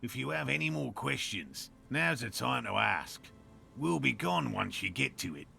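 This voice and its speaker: A man's voice: medium pitch, very animated, normal speed, vocal fry, pushed and bright, faint music behind, heavily acted. An actor playing a pompous, self-assured male cryptozoologist in a video game, with an Australian accent and a lecturing manner. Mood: condescending.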